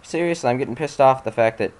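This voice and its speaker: A man's voice: medium pitch, racing, a little mellow. A man hosting a let's-play, giving casual gameplay commentary while exasperated, muttering and swearing at the game.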